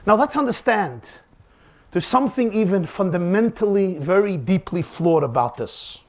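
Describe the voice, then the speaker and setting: A male rabbi delivers a lecture on faith. He tells his stories dramatically and pushes his points with rhetorical questions. His voice sits high and swings widely in pitch. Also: animated, normal speed. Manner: dramatic storyteller, emphatic and rhetorical. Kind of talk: lecture on faith with acted-out anecdotes.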